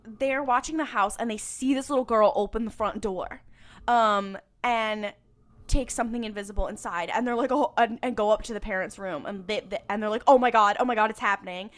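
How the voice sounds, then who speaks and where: A woman's voice: mid-range voice, fairly quick. A woman co-hosting a podcast, retelling a TV episode in a rambling, casual way, full of "like" and "um" and frequent laughter. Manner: rambling storytelling, laughs often, many "like" and "um". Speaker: podcast co-host. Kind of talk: casual recap chat.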